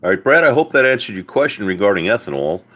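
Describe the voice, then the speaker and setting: A middle-aged man with a very low but bright, forceful voice explains engine trouble to his viewers. He talks in a folksy, unscripted live-stream way and peppers his talk with "all right" and "uh." He calls the audience folks and buddy. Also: sing-song, fast talker. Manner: explains mechanics plainly. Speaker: host answering viewers' car questions.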